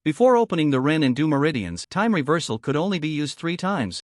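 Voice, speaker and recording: A man narrating a fantasy story recap in a steady scripted read, voicing the characters' quoted lines. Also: fairly high pitch, fast, no echo, studio quality.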